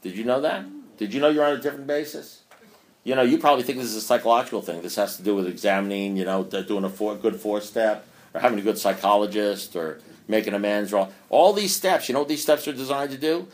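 A man's voice: lowish voice, fast. A man speaking at a recovery meeting, reading passages aloud and pressing his points with rhetorical questions. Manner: emphatic, with rhetorical questions and swings in loudness; chuckling as he talks. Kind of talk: impassioned talk reading from a book.

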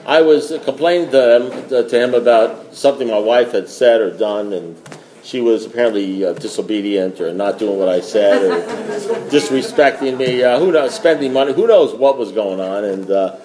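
A man's voice: mid-range voice, moderate pace, mellow, echoey room. A man telling a rambling, joking story at a recovery meeting. He repeats himself as he goes.

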